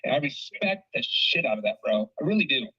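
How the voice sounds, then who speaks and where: A man in casual conversation, animated and swearing casually, often saying bro. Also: medium pitch, brisk, husky, lo-fi sound. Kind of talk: casual phone chat.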